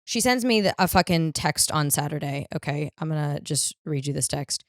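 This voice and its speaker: Young woman, solo comedy podcast host, low-ish voice, dry close mic, swears freely and ribs herself. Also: lively intonation, moderate pace, dry recording. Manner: blunt, profane, self-mocking storytelling.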